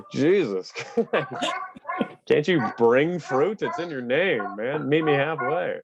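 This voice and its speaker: A man from Canada doing a self-mocking stand-up set over a video call, with a shrill, buzzy voice and laughs between jokes. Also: expressive, takes it slowly, gravelly, a loud crowd. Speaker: stand-up comedian. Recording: dry, muffled video-call audio.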